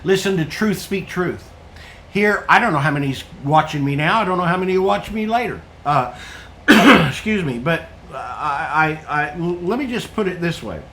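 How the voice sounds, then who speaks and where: A man's voice: a little high, animated, moderate pace, sharp tone, a little hiss or hum. A man preaching an earnest online sermon to viewers, who repeats his points and asks rhetorical questions.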